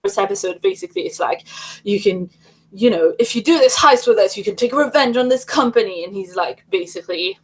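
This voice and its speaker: A woman's voice: medium pitch, expressive, fairly quick, soft background music, low-quality recording. A woman hosting a casual livestream chat, talking in a rambling way with many fillers and restarts. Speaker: livestream host.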